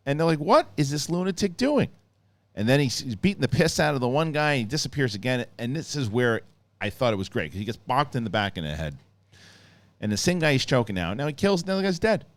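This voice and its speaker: Animated man rambling through a review. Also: mid-range voice, fast, no room sound. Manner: excited, rambling retelling with many restarts. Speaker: show host reviewing a TV episode. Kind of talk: casual spoken review.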